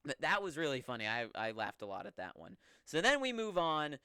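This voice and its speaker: A young man hosting a wrestling recap, talking in a casual, rambling, offhand way with sudden excited bursts. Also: on the high side, brisk, smooth, no echo, studio quality.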